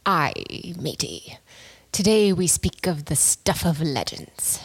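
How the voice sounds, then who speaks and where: A woman's voice: low-pitched, animated, slow pace, husky, no room sound, exaggerated voice. A woman putting on a hammy old sea pirate with a slightly Irish accent, growling pirate slang as she tells a story.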